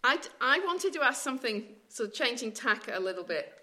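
A woman's voice: a little high, big pitch swings, a little fast, sharp tone. A woman co-hosting a podcast, asking questions with a teasing, dry touch. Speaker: podcast co-host. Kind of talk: casual podcast chat.

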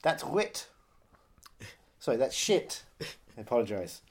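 A man's voice: mid-range voice, big pitch swings, unhurried, husky. A man co-hosting a podcast, chatting casually about films with crude jokes. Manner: joking, riffing, crude. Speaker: podcast co-host. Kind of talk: casual film chat.

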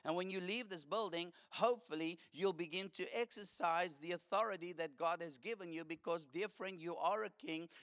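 A man's voice: a little high, fairly bright tone, dry recording, clean studio sound. A man preaching a fervent sermon, telling a story and calling for responses from the congregation.

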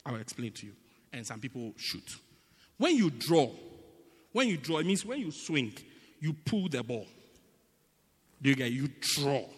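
A man preaching a sermon in a teaching manner, often checking whether the congregation understands, swinging between loud bursts and quiet asides. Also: medium pitch, sing-song, normal speed, long pauses, slightly rough, long reverb tail. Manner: teaching, repeatedly asking the congregation "do you get it?".

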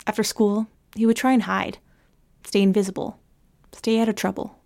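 A woman giving scripted narration in a measured, even way. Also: medium pitch, creaky. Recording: music bed underneath.

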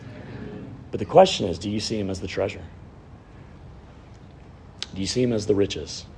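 A man in his thirties, a pastor preaching a sermon, swinging from raised emphasis down to hushed, near-whispered lines. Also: lowish voice, moderate pace, gravelly, slight background noise.

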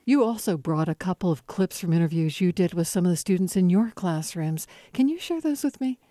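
Lady host doing an interview, mellow voice, enthusiastic, dry sound. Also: on the low side, lively intonation, fairly quick, no echo. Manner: appreciative, enthusiastic questions.

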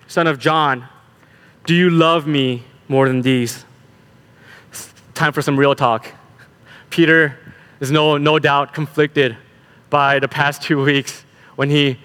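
A man delivering a sermon with an animated, emphatic delivery, often repeating words as he builds a point. His voice sits a little high for a man. The sound carries a long reverb from a large hall. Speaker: preacher.

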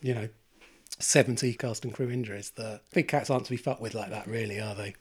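A man's voice: lowish voice, fairly even intonation, a little fast, breathy edge. A man in casual film-podcast chat, thoughtful and wry, who asks the others what they think. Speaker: podcast co-host. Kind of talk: casual chat about films.

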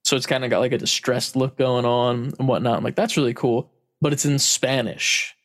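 A man's voice: mid-range voice, steady tone, fairly quick, fairly bright tone. A man in casual chat, telling a story with frequent laughs and casual swearing.

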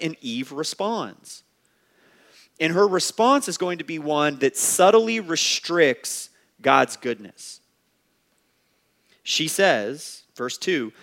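Man, pastor, sermon, earnest, casual phrasing, slightly high pitch. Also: very animated, slow pace, pauses often, fairly bright tone. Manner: conversational, uses "like" often; earnest, exhorting.

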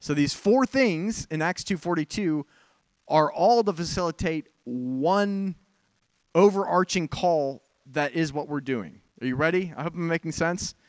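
A man's voice: fairly high pitch, a little slow, no echo. A pastor giving a sermon in a candid, conversational way, with frank asides to his congregation.

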